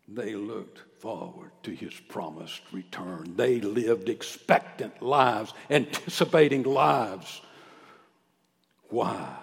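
A male pastor preaching a sermon, swinging from loud, ringing declarations down to hushed near-whispers. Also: on the low side, slow, creaky, in a large hall. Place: church sanctuary.

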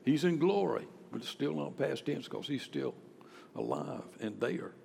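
A man preaching a sermon with impassioned delivery, dropping to a hush and then rising loud again. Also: medium pitch, measured pace, vocal fry, a little hiss or hum. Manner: impassioned, swings between hushed and loud. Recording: echoey hall with long reverb.

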